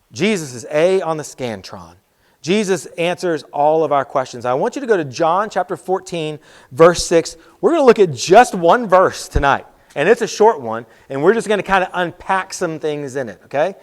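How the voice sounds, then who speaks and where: A man giving a youth sermon in a casual, talky way, repeating key phrases. His voice sits high for a man, and he slips into quoted voices as he goes. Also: lively intonation, moderate pace. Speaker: youth pastor.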